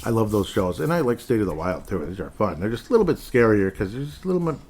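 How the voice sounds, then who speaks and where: A man hosts a solo hockey podcast in a fairly low voice. He rambles along in a dry, sarcastic tone, undercutting himself with self-mocking asides. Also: big pitch swings, fast, a little mellow, breathy edge. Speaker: podcast host.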